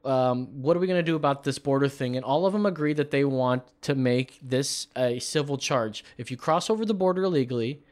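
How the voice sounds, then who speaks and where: A man's voice: medium pitch, fairly quick, few pauses, a little mellow. Joking man co-hosting a podcast. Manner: joking, provocative. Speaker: podcast co-host, comedian. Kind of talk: casual podcast banter.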